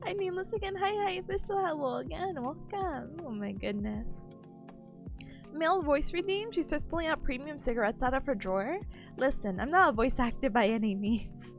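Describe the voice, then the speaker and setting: Young female streamer, high and lively, giggly, slightly nasal and worn, faint music underneath. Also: moderate pace. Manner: bubbly, giggly, greets chat warmly. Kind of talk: casual live-stream chat.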